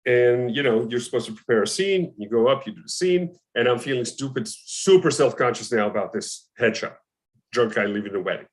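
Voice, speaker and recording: An actor being interviewed, a man telling lively anecdotes in casual conversation and acting out what other people said. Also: mid-range voice, brisk. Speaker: actor guest.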